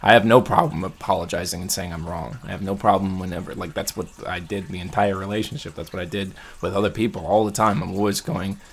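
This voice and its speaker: A man's voice: low-pitched, steady tone, fast talker, creaky, hardly any pauses, a little hiss or hum. A man talking straight to camera in a casual check-in vlog, venting in a rambling, heated way and restarting his sentences as he goes. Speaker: vlogger.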